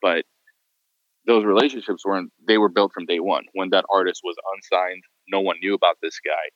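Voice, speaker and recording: A man's voice: low-pitched, normal speed, dry recording, lo-fi sound. A man who works as a photographer tells stories in a casual podcast chat and acts out the people he quotes. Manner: animated storyteller, acts out quotes.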